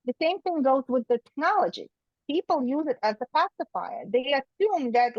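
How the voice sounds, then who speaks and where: A woman's voice: sits high, expressive, moderate pace, no echo, dull audio. A middle-aged woman, a guest author, giving strong opinions and telling a personal story, acting out what people said. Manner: opinionated storytelling, acts out quoted dialogue. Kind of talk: conversational interview.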